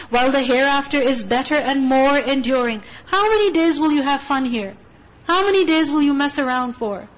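A woman with a high voice teaches a Quran tafsir lesson. She speaks earnestly, asking rhetorical questions and reciting Arabic verses quickly between explanations. The recording sounds dull and lo-fi.

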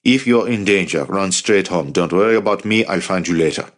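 A man voicing a stern, fierce middle-aged uncle who speaks in a low, firm, commanding way. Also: a little fast.

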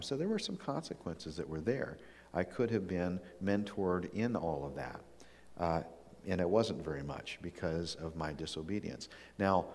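A man's voice: sits low, a little mellow, big-room sound. A man delivering a sermon in an earnest, personal way, telling his own story with frequent restarts.

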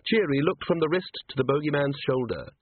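A man narrating a story in a lively storytelling manner. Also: fairly high pitch, brisk, husky, no room sound. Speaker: audiobook narrator. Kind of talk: scripted narration. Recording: tinny phone-like dry recording.

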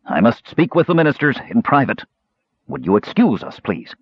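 A man's voice: medium pitch, very animated, normal speed, husky, no echo, dull audio, voice pushed up. A man voicing a tense, commanding noble lord in an audiobook, his voice strained.

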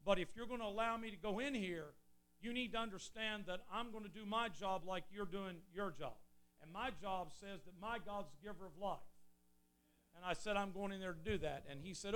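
A preacher telling an earnest story in a sermon, swelling loud and then dropping low. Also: male voice, clean tone. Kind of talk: sermon testimony.

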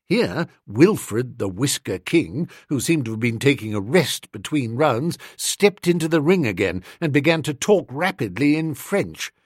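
Expressive male audiobook narrator. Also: medium pitch, measured pace, hardly any pauses, slightly rough, no echo, clean studio sound. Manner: expressive, comic storytelling. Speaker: audiobook reader. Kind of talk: scripted first-person narration.

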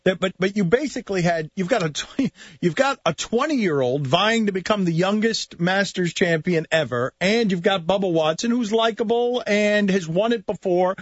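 A man's voice: high voice, lively intonation, normal speed, no room sound. A man hosting a sports radio show, probing and teasing his co-host. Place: radio studio. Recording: dull studio audio.

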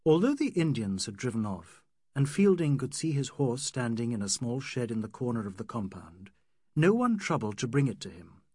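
A man narrating a novel as an audiobook in an expressive, varied manner. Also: medium pitch, normal speed, husky, dry recording, studio quality.

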